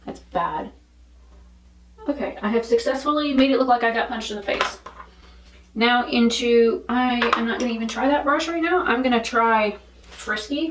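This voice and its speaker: A woman vlogger talking casually while she does her makeup, rambling through frank asides. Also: on the high side. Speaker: beauty vlogger. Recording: roomy echo, speaking from a distance to the mic.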